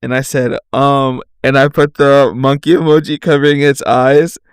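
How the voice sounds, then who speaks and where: A man's voice: medium pitch, level tone, moderate pace, clean tone, dry recording, clean studio sound. A young man casually telling a rambling story on his podcast, swearing, laughing and saying "like" a lot. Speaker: podcast host.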